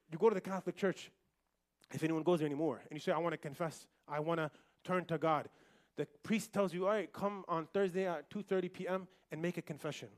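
A man preaching a Friday sermon in a mosque, emphatic and repetitive, dropping Arabic phrases. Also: high voice. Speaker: imam giving a Friday khutbah. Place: large mosque.

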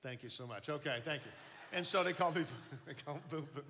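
Older man telling his story, bright. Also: fairly high pitch, fast, slight background noise. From Baton Rouge, Louisiana. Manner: animated, folksy, repeats words in restarts. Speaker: speaker giving testimony. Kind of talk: storytelling testimony. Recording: long hall reverb.

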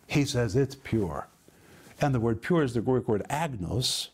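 A man's voice: medium pitch, sing-song, measured pace, a little mellow, slightly rough. A man preaching a sermon, emphatic, explaining Greek words and building long lists with rising force. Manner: spells out Greek word meanings. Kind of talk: sermon teaching.

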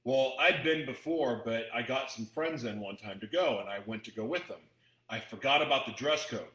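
A man's voice: medium pitch, normal speed, fairly bright tone, roomy sound, poor audio. A man hosting a talk, chatting to his audience in a rambling, emotional way with frequent restarts. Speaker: host addressing an audience. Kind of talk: casual storytelling talk.

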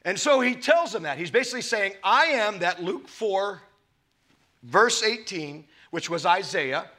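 A man preaching a sermon, with dramatic swings between loud and soft delivery, acting out the scripture quotes as he goes. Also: sits high, animated, measured pace. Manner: laughs between points. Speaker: pastor.

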